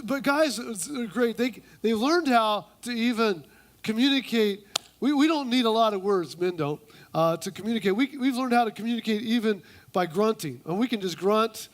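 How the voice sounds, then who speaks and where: A man preaching a humorous sermon in church, playfully acting out conversations and mimicking women in a high voice. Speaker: pastor.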